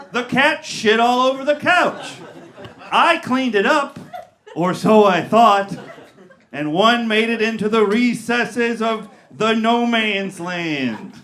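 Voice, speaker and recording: A man's voice: high voice, bright, forceful tone. A man performing a stand-up comedy set, telling a story with crowd work and acted-out voices in a comedy theater. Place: comedy theater with live audience.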